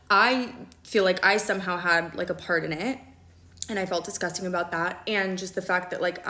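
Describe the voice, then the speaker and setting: A woman's voice: lowish voice, fairly bright tone. Candid young woman telling a storytime. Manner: candid and quick, with frequent "okay?" check-ins and swearing. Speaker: storyteller vlogger. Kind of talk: casual storytime monologue. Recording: roomy echo.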